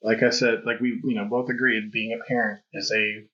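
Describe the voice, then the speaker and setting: A man's voice: on the low side, level tone, brisk. A man hosting a podcast, talking candidly and reflectively in a rambling conversational way. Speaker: podcast host. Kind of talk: conversational interview. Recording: dull lo-fi audio.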